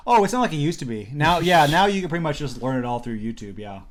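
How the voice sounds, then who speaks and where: A man's voice: fairly high pitch, very animated, fast talker. A young man co-hosting a casual comedy podcast, rambling through stories with swearing, restarts and acted-out quotes. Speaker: podcast co-host.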